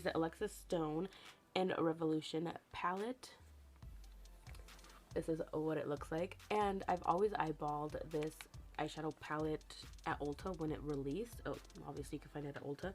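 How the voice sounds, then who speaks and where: A young woman with a raspy morning voice, chatting casually through a makeup tutorial and correcting herself as she goes. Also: sits low, darkish tone. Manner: chatty, rambling, self-correcting. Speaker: beauty vlogger.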